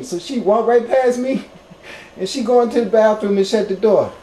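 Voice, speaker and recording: A man telling his own story to viewers in a casual, animated way, swearing freely and getting loud when excited. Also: very high-pitched, moderate pace. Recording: roomy echo, faint background ambience.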